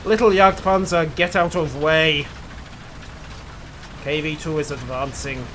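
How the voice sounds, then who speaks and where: Man doing a hammy Soviet tank boss, fake Russian accent, grand and menacing, a bit high, game noise loud behind. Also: fairly even intonation, a little slow, close to an everyday voice. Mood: commanding. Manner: pompous, proclamatory.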